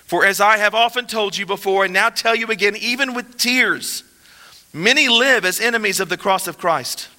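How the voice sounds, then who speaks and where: High, bright-voiced man preaching in a hall. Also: normal speed. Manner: impassioned, shifts between soft and emphatic. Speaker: pastor. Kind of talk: sermon.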